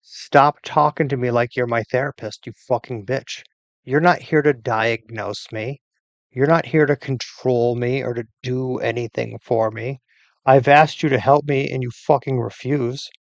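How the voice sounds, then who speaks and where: A man's voice: mid-range voice, fairly even intonation, unhurried, creaky, dry recording, muffled recording. A man in an angry rant at an AI assistant, furious, profane and insulting, speaking at his computer at home. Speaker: user arguing with an AI assistant.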